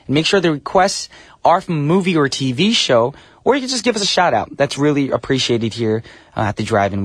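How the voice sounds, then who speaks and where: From the studio, a male radio DJ hosts his show with casual patter that's upbeat, chatty and a bit goofy. His voice is medium-pitched and the recording is dry.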